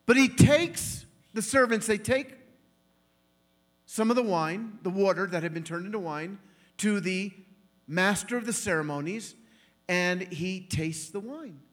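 Animated high-voiced male preacher. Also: measured pace. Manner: animated, acts out quoted voices, laughs often. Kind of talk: storytelling sermon.

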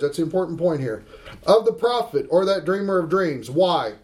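A middle-aged man teaching a Bible class, emphatic and slowing down to stress scripture as he asks the class questions. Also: sits high, animated, a little mellow.

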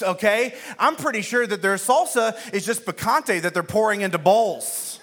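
A man preaching a sermon as pastor, telling an animated, self-mocking story and acting out the voices of the people in it. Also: sits high, moderate pace, few pauses.

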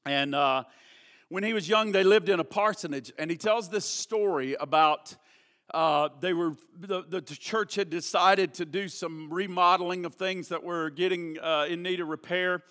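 A man preaching at a church service with a very high, bright and forceful voice. He swings from hushed prayer to loud, impassioned emphasis. He often repeats words and restarts as he builds toward his point. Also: normal speed. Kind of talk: sermon with a prayer and a storytelling illustration.

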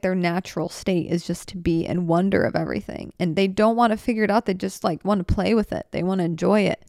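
A woman in her twenties speaks in a fairly low, warm voice on her casual solo podcast, heartfelt and rambling, often stopping short to begin again and at times close to tears. The recording is dry and studio-clean.

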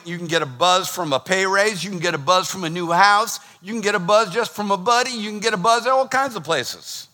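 A man preaching with a bright, forceful voice that sits a little high. He talks in a lively, conversational way and cracks jokes between points. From Boston. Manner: energetic, conversational, joking preacher. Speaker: pastor. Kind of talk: sermon.

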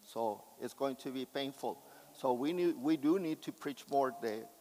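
A man's voice: mid-range voice, measured pace, darkish tone, big-room sound, poor audio. A man preaching a sermon with impassioned, emphatic delivery.

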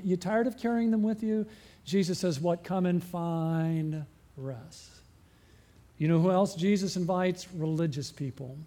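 A man preaching a sermon as pastor, asking the congregation frequent rhetorical questions and slowing and dropping his voice for emphasis. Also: high voice. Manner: varies pace and loudness, slowing and dropping for emphasis.

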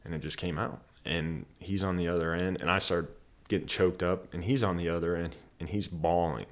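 A man's voice: low-pitched, fairly even intonation, moderate pace. A man talking in a casual podcast conversation, telling a personal story earnestly and rambling with many fillers. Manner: earnest, rambling, heavy use of "like". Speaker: podcast guest.

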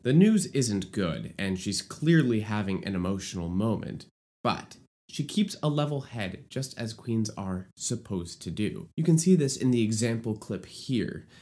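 A man's voice: on the low side, very animated, moderate pace, hardly any pauses, mellow. A man explaining lyric writing for musical theater in an enthusiastic, playful teaching style. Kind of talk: explanatory video lesson.

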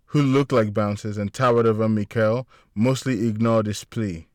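A man's voice: on the low side, moderate pace, a little mellow, no echo. Man narrating a story in a dry room. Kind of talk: audiobook narration.

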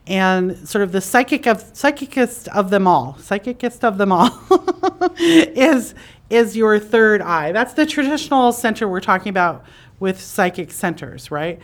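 A chatty woman hosting in front of a live audience, her voice sitting at a middle pitch. She explains things in a loose, conversational way, and she voices imagined thoughts with sudden, lively jumps in pitch. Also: unhurried. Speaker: podcast host and psychic teacher. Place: conference room with a live audience.

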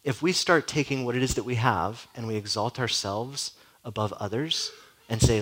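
A man's voice: medium pitch, normal speed, a bit bright, a little hiss or hum, poor audio. A man preaching a sermon as a pastor, in a conversational way full of "like" and direct questions to the listeners.

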